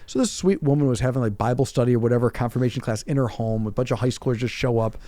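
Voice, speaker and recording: A man in his forties, a priest, telling his story in a casual podcast chat, animated and self-deprecating, acting out quotes. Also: mid-range voice, rapid-fire, no echo.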